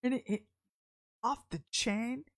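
A woman's voice: a little high, slow pace. Woman, deliverance minister, candid, chatty sermon, frequent laughter. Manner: candid and chatty, laughing often, acting out quoted voices. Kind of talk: sermon with personal storytelling.

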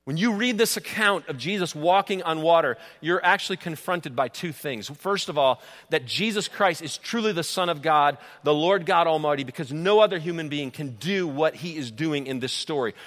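Animated pastor preaching in a hall. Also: male voice, a little high, moderate pace, hardly any pauses. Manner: animated storytelling with fillers and repeated words. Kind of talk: sermon. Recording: long hall reverb.

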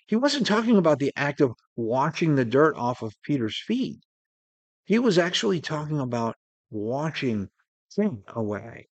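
A man preaching a sermon in an earnest way, slowing down to stress key words. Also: a little high, very animated, dry recording.

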